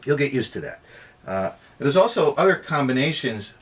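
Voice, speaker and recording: A man teaching pronunciation, repeating sounds slowly and emphatically for students to drill. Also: mid-range voice, sing-song. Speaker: Irish language tutor. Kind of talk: pronunciation lesson.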